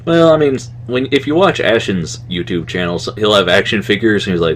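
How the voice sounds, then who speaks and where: A man's voice: lowish voice, fairly quick, a little hiss or hum. A man co-hosting a podcast in casual chat, rambling from one thought to the next, chuckling and trailing off with "anyway". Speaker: podcast co-host.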